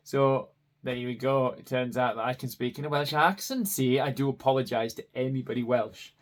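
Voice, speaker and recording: A man's voice: medium pitch, moderate pace. Chatty man hosting a podcast. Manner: rambling, chatty, with frequent ums and self-corrections. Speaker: podcast host. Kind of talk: casual personal podcast monologue.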